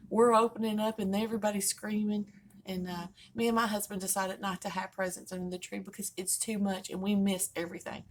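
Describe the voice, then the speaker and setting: An older woman, hosting a home vlog and telling folksy, joking stories in casual chat. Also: mid-range voice. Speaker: vlogger host.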